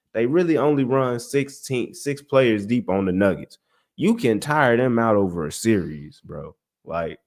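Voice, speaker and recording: A young man hosting a casual sports livestream, talking straight to his chat in an animated, exasperated way. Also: mid-range voice. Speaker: sports podcast host.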